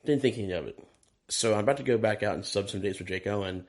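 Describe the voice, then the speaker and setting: A touring and session drummer, appearing as a guest in a casual storytelling interview, tells road stories in a gravelly, low voice. He talks fast and stays animated and profane, acting out quoted dialogue.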